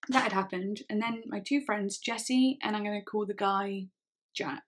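A young woman in her twenties recounts a personal story to camera in a casual, unscripted way. She talks haltingly, full of "like" and restarts, at a middle pitch. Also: fairly even intonation, fairly bright tone, slight background noise. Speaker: vlogger.

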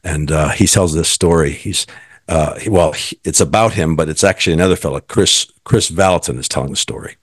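Deep-voiced man telling an earnest testimony. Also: fairly quick, slightly rough, dry recording, clean studio sound. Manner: earnest, reflective, quotes others in the telling. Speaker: guest. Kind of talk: personal testimony storytelling.

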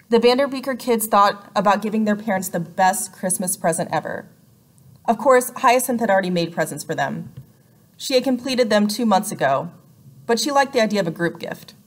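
A woman narrating a children's novel as an audiobook, in a clear, gently expressive way. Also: mid-range voice, normal speed. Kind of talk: scripted narration.

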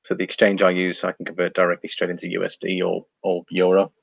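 A man hosting a relaxed live stream, reading out viewer comments and talking over charts. His voice sits fairly low, and he laughs easily between remarks. The sound is dry and close, with no room around it. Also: fast, vocal fry, no echo, muffled recording. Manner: chatty, reads viewer comments aloud, laughs often, trails off.

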